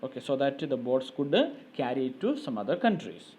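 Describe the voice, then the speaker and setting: A male teacher with an Indian English accent reads a textbook aloud, explaining it line by line: he reads a sentence, then paraphrases it with plenty of fillers. His medium-pitched voice is very animated, fairly quick, a little mellow and slightly rough.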